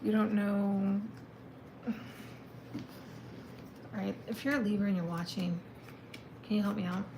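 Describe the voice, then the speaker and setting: A woman's voice: medium pitch, fairly even intonation, measured pace, creaky, pauses often, background noise. A woman giving a casual live tarot reading, chatty and thinking aloud as she exclaims over the cards. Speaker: tarot reader.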